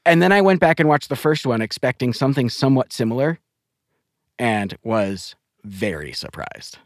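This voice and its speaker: Teasing man with a lively voice. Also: medium pitch, normal speed, no echo, studio quality. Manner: teasing, playful. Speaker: podcast co-host. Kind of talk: casual chat.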